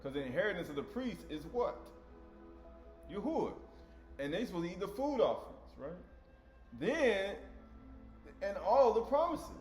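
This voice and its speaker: A man's voice: high voice, very animated, moderate pace, pauses often, darkish tone. A man giving a casual, conversational sermon, often checking in with "right?" and acting out dialogue in slangy voices. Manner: conversational, tag questions like "right?". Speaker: preacher. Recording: echoey room with faint music.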